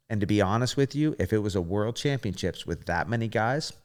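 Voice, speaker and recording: A man in his thirties, a podcast guest, telling a story in a casual, animated way, swearing often and acting out what people said. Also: on the low side, brisk. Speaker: podcast guest, former gymnast.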